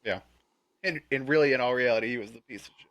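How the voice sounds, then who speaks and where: A man, co-hosting a podcast, reacting with disbelief and thinking out loud. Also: medium pitch, quick pace. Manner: incredulous, reacting and musing aloud. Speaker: podcast co-host. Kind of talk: casual chat.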